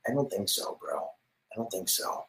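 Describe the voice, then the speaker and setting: A man with a deep, low voice streams from his home office on a desk mic. He boasts and swears in a loose, rambling way, punching some lines out loudly and muttering others almost in a whisper. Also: animated, normal speed, creaky, a little hiss or hum, low-quality recording. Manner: brash and boastful, swearing, swings between loud ranting and hushed whispering. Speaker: live streamer. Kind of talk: rambling hyped-up monologue.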